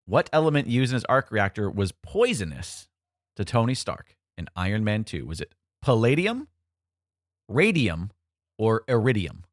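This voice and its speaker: A man's voice: fairly low pitch, big pitch swings, normal speed, dry recording, studio quality. A man hosting a casual podcast quiz, reading out questions and teasing the contestant playfully. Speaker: quiz host.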